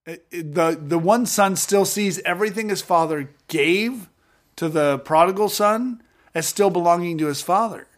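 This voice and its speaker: A man co-hosting a podcast, talking through a Bible passage and acting out its characters with lively voices. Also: sits high, normal speed. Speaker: podcast co-host. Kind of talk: Bible study podcast chat.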